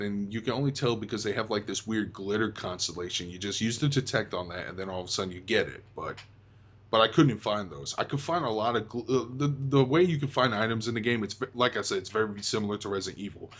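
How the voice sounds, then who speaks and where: Rambling low-voiced young man. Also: a little fast. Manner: rambling with many fillers and restarts. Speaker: host. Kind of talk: casual podcast chat about a video game.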